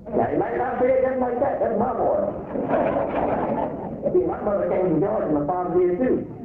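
A man's voice: sits high, lively intonation, normal speed, heavy background noise. A man with an African American accent preaching a sermon, repeating phrases with rising emphasis. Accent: African American English. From United States. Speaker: imam. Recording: echoey room over a phone-like line.

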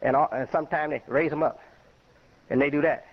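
A man's voice: fairly high pitch, steady tone, fairly quick. An older man from Chicago, an imam, giving a rambling, conversational lecture full of personal anecdotes. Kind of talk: informal spoken lecture. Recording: muffled lo-fi radio recording.

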